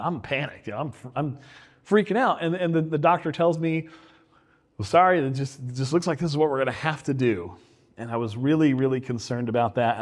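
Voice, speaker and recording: A middle-aged man preaching a sermon in an earnest way, often restarting and repeating words. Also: a little high. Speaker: pastor.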